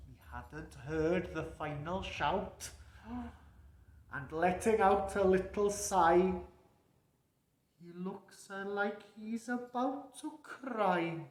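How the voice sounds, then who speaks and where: Jolly old Santa Claus, played by a man, reads a storybook to children at a slow, easy pace. He keeps breaking off to chuckle and chat with his young listeners. The voice rings in an echoey room. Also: high voice.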